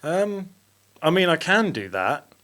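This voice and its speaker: A man's voice: sits high, sing-song, slow, a bit bright. A man hosting a paranormal podcast, laughing often as he reads out a story with mock drama. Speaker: podcast host. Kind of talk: casual chat, reading a story aloud.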